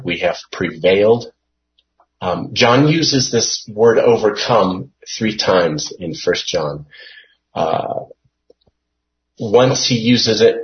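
Man, Bible study leader, slow unhurried delivery, dull lo-fi recording. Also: lowish voice. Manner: unhurried, hesitant with frequent fillers, explaining word by word. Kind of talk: Bible study teaching with scripture reading.

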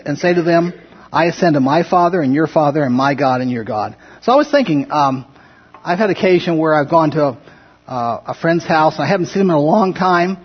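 A man's voice: on the high side, slightly rough, dull audio. A man leading an informal Bible class, talking conversationally, asking the group questions and acting out scripture quotes in his own words. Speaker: Bible study teacher. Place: classroom or church room with a group.

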